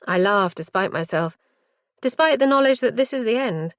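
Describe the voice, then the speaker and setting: A woman narrating a first-person thriller audiobook in a measured, hushed delivery. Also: fairly high pitch, lively intonation, no echo, clean studio sound.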